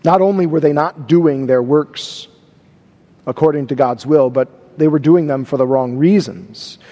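Emphatic preacher in an echoing hall. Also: male voice, a little high, dark tone. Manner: emphatic, repeats words for stress. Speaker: pastor. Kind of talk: sermon.

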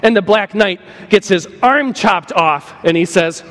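A man preaching an animated sermon as a pastor, playful and joking, acting out little voices as he tells the story. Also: high voice, a little slow. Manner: playful, acts out voices and jokes. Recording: long hall reverb.

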